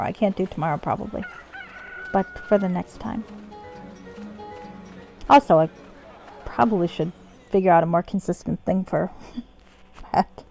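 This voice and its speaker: A woman's voice: medium pitch, a little mellow. A woman streamer giving casual, wry commentary while playing a game, thinking aloud. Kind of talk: casual let's-play commentary.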